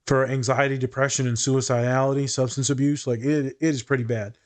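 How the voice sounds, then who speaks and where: A man's voice: medium pitch, flat delivery, brisk. A man co-hosting a casual discussion, speaking bluntly and candidly, swearing freely and thinking aloud with fillers and restarts. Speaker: podcast co-host.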